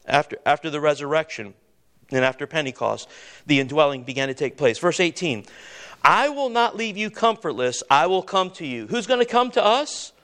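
A man preaching a sermon, asking his congregation questions and waiting for their answers, slowing down on key words and dropping low and quiet to stress a point. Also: sing-song. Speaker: pastor.

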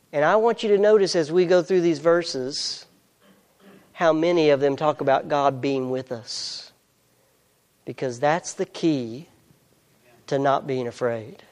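An earnest preacher delivering a sermon at an unhurried, deliberate pace. Scripture passages are read slowly with weight on each phrase, and the talk stays emphatic and direct. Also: mid-range voice.

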